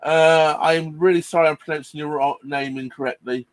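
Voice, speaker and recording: A man's voice: fairly high pitch, steady tone, normal speed, dry recording. A middle-aged man chatting casually on a live stream from inside his narrowboat, hesitant and full of ums and restarts. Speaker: vlogger hosting a live stream. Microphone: laptop mic.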